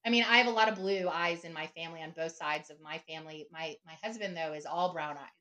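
A woman's voice: deep voice, quick pace, bright, forceful tone. A middle-aged woman speaking as an author guest in a casual interview. She is chatty, often adds "right?" and laughs easily.

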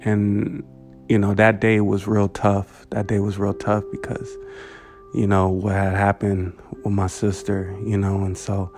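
A man telling a painful childhood memory in a halting way, full of fillers and "you know". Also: lowish voice, monotone, over music. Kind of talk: personal storytelling.

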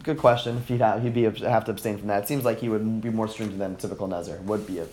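A man's voice: lowish voice, steady tone, fast talker, a little mellow, slight background noise. A man teaching a class, reading verses aloud and translating them, often praising his students' answers. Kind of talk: classroom text study.

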